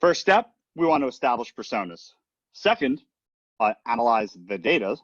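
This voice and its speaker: A man's voice: mid-range voice, big pitch swings, normal speed, a bit bright, dry recording, muffled recording. A man giving a casual training talk on recruiting, chatty and often checking in with the listener. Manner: chatty, leans on "right?" and "um" as he talks. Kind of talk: casual presentation.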